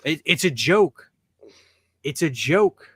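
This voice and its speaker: A man's voice: a little high, expressive, slow pace, a bit bright, husky, no room sound. A man hosting a podcast in casual chat, ranting bluntly and emphatically with plenty of profanity. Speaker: podcast host.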